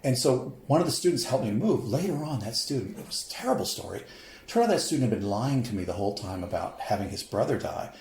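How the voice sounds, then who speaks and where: Animated man telling a personal story. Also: medium pitch, fast talker. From St. Louis, USA. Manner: animated, emotional, acts out quoted voices. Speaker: podcast guest, professor. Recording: roomy echoey podcast room.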